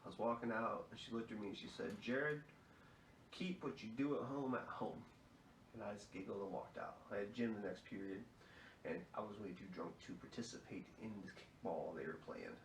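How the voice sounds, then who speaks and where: A man's voice: fairly low pitch, quick pace, creaky, slight background noise. A young man hosting a podcast, telling rowdy stories in a profane, chuckling way. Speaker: fill-in podcast host. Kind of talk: casual storytelling. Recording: echoey room.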